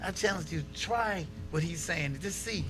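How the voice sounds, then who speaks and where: A man's voice: high-pitched, moderate pace, over music. A man hosting a local talk show, chatting casually and acting out the people in his stories. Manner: animated storytelling, acts out quotes.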